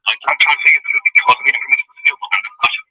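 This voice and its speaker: A man's voice: fairly high pitch, wildly swooping pitch, rapid-fire. A male customer service agent on the phone, polite and formal, answering with stock phrases. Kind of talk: scripted customer service replies. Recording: tinny phone line with loud noise.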